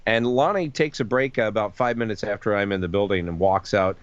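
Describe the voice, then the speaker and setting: A middle-aged voice actor telling lively anecdotes in a casual interview. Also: male voice, on the low side, a little fast, clear, resonant tone, no room sound, dull audio. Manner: animated anecdotes with voice impressions. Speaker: voice actor guest.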